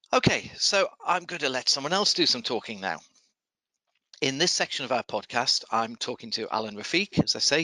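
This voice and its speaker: A man hosting a podcast, reading procurement news in a measured, dryly wry way and then interviewing a guest. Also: medium pitch, pushed and bright, no echo, low-quality recording. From United Kingdom. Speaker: podcast host. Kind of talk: scripted news commentary and interview.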